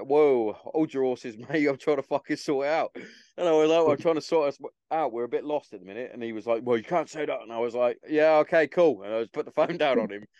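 A man telling a sweary, lively anecdote in a casual chat. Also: medium pitch, smooth, no echo, dull audio.

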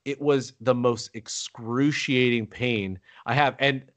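A man tells stories on a casual podcast. He gets animated and acts out the lines of the people in his stories, bouncing between his own voice and theirs. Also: medium pitch, takes it slowly. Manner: animated storyteller, acts out quotes. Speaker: podcast host. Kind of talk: casual chat.

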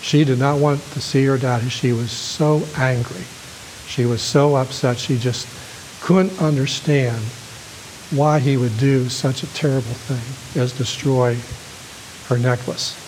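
Male preacher, sermon storytelling, mid-pitched, faint background hiss. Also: poor audio. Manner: gentle storytelling, rising with emotion at quoted lines. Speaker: pastor.

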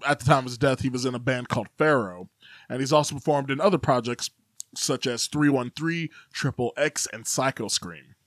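A man co-hosting a podcast, talking in a halting, filler-heavy casual way. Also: medium pitch, a bit bright, no echo. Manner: hesitant, lots of uh and like fillers. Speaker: podcast co-host. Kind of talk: casual chat.

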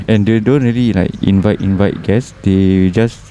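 Singaporean guy chatting outdoors on a headset mic, low mellow voice, lots of lah, faint street noise. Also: fairly even intonation, moderate pace. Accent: Singaporean English. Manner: rambling, loose, full of restarts and "lah". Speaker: nurse podcast host. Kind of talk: casual chat. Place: outdoors in a public spot by the road.

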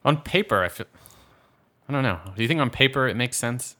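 A man co-hosting a casual movie podcast, animated and acting out quotes as he talks. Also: mid-range voice, brisk. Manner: animated, acts out quoted voices. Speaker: podcast co-host.

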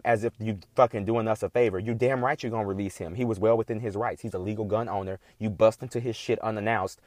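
A man's voice: fairly low pitch, fairly even intonation, quick pace, few pauses, a little mellow, no echo, studio quality. A man in a casual, heated monologue, talking in a profane, emphatic and indignant way.

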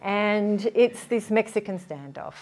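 A woman's voice: medium pitch, takes it slowly. A woman who works as a relationship therapist, talking casually to an audience and acting out what partners say to each other. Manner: animated, acts out quoted partners, laughs often.

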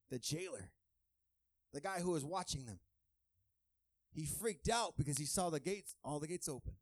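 A man preaching a sermon in a conversational, joking way, who swings from quiet asides to shouted, half-sung praise. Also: fairly high pitch, vocal fry, no room sound, studio quality. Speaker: pastor.

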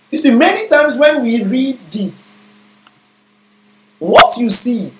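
A pastor teaching a sermon, explaining scripture and repeating key phrases, reading verses slowly. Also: male voice, fairly high pitch. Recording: echoey room.

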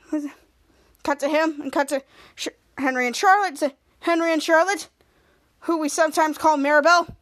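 In a steady tone and at a brisk clip, a young woman on a podcast goes over a TV episode casually. She voices the characters' lines in sudden, shrill, loud bursts.

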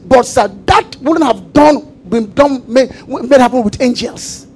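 A man preaching a sermon, repeating phrases and calling for the congregation to answer, shifting between shouts and quiet asides. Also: extremely high pitch, measured pace, slight background noise, rough recording. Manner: emphatic call-and-response preaching with repetition.

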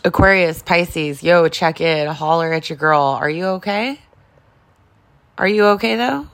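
Upset and near tears, a vlogger in her forties opens up in a casual confessional video, talking in a raw, rambling way with heavy swearing. Her voice is on the low side with a fairly bright tone, and her pace is measured.

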